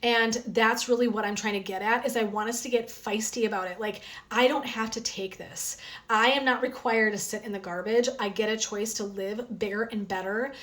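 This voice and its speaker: A woman coach talks to her viewers on a phone live stream, in a slightly high, lively voice. She is chatty and energetic, full of little fillers. Her throat is sore from talking. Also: moderate pace. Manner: chatty and energetic, frequent "um" and "right?". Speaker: wellness coach. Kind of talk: casual live stream chat.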